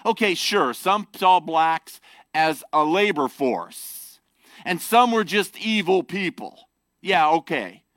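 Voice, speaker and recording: A man preaching a sermon, animated and emphatic as he explains scripture to his congregation. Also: fairly high pitch, takes it slowly, no room sound. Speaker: pastor.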